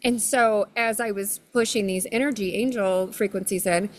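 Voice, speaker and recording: A middle-aged woman, an energy healer, telling her story as a guest with an expressive, loud, laughing manner. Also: medium pitch, moderate pace. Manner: expressive, laughs often, self-described loud. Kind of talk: animated storytelling in conversation.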